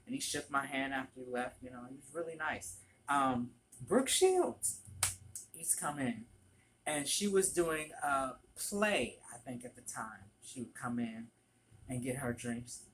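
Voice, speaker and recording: A man tells stories to camera in a casual, chatty way. His voice is bright and clear, with plenty of ums and gossipy asides. The pitch sits in a middle range. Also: measured pace, a little hiss or hum, poor audio. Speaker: vlogger, former barista.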